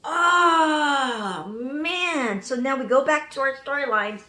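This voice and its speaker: A woman giving an excited reaction review of a TV episode, gushing and thinking out loud as she goes. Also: high voice, a little fast, echoey room.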